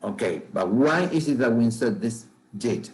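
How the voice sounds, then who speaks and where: A man teaching a grammar class in a measured lecture, often checking understanding with "okay?" and "right?". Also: medium pitch, animated, darkish tone, poor audio.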